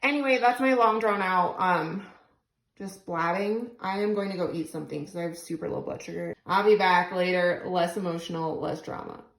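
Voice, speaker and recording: A woman's voice: lowish voice, moderate pace, creaky, echoey room, poor audio. A young woman venting tearfully and rambling about her frustrations into her phone, close to crying. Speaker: single mom vlogger. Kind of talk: emotional venting vlog.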